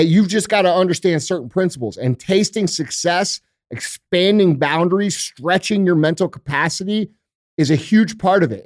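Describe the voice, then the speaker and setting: In a dry, studio-quality recording, a man hosting a podcast speaks with a high-pitched yet darkish-toned voice. Chatting casually, he rants bluntly and emphatically with motivational conviction, swearing heavily throughout.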